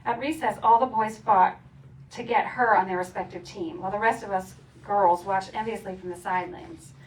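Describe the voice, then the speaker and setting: A woman's voice: mid-range voice, steady tone, moderate pace. A woman reading from her own memoir at a community celebration, playful and often laughing as she acts out the funny parts. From Philadelphia area. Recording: distant mic with faint ambient noise.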